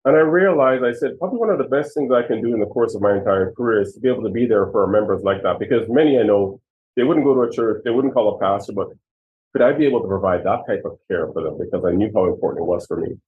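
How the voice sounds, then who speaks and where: A man's voice: on the low side, quick pace. Earnest man in his 60s, phone-quality line. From Jamaica. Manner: earnest, emphatic storyteller. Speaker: retired police chief. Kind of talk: personal storytelling in an interview. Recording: tinny phone-like audio.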